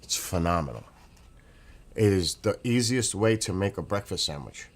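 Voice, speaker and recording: A man with a deep, low voice talks in a loose, rambling vlog at home. He raves with enthusiasm and circles back to the same points again and again. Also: lively intonation, moderate pace. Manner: enthusiastic, rambling, repeats himself. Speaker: vlogger. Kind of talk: casual chat.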